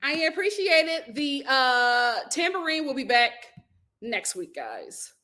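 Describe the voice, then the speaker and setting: A woman's voice: sits high, very animated, slow pace, sharp tone. A woman hosting a casual livestream, reading viewer comments aloud and laughing often as she answers them. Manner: laughs often, talks back to chat. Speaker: host reading live chat.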